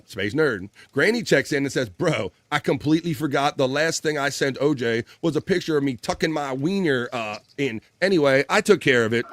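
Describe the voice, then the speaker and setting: A man hosting a casual livestream, reading viewer comments aloud, laughing often and swearing casually. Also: medium pitch. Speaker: livestream host.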